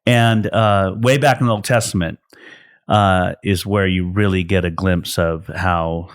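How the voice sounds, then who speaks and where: A man's voice: sits low, fairly even intonation, a little slow. A middle-aged man from California, a pastor, talking earnestly about scripture in a casual podcast conversation and restarting his sentences often. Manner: earnest, with frequent restarts while explaining scripture.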